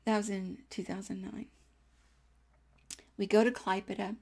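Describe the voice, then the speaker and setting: A woman in her sixties telling a personal faith story in a chatty, animated way, dropping into whispers at hushed moments. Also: mid-range voice, a little slow. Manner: chatty with frequent fillers and small laughs.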